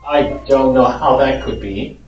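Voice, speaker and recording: A man's voice: mid-range voice, measured pace, highs cut off, faint music behind. A man, a Spanish teacher, giving a chatty, amused informal lecture. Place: large echoey parish hall. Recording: echoey hall, distant mic.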